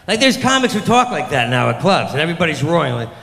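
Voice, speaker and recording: Middle-aged man doing stand-up, rambling and self-mocking, slightly high voice, echo off the club room. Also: big pitch swings, fast talker, vocal fry, few pauses. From New York. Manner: rambling, self-deprecating, lurching into loud mock voices. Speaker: stand-up comedian. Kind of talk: stand-up comedy set. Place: comedy club stage. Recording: echoey club room with long reverb.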